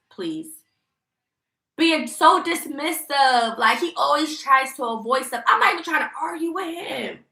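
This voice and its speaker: A woman's voice: high voice, sharp tone, echoey room. A young woman venting emotionally on a casual livestream, rambling and indignant. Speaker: vlogger live-streaming.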